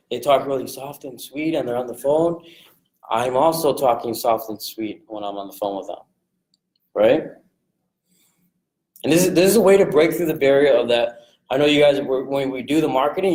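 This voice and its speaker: A man coaching a group on sales rapport in a casual, energetic way, jumping into quick voices to act out phone calls. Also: mid-range voice, echoey room, low-quality recording. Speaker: real estate investing coach.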